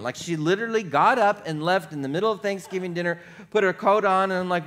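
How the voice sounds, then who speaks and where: A man's voice: sits high, a little fast, few pauses, fairly bright tone. Man preaching a chatty, self-mocking sermon. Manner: conversational and self-deprecating, with playful repetition and laughter. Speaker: pastor. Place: church sanctuary.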